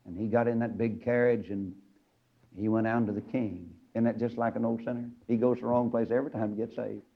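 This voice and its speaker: A man preaching a radio sermon in a folksy storytelling manner, dropping to low murmurs and climbing to shouting peaks, on a dull lo-fi radio recording. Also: level tone, fairly quick, vocal fry.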